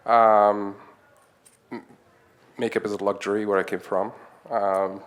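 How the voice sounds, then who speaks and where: A man with a low voice talks through a conference presentation as a run of anecdotes. He is chatty and laughs easily, and he slips into the voices of the people he quotes. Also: level tone, measured pace. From Egypt. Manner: chatty, acts out quoted dialogue, chuckles often. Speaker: conference speaker, nonprofit founder. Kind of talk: conference talk, anecdotal storytelling.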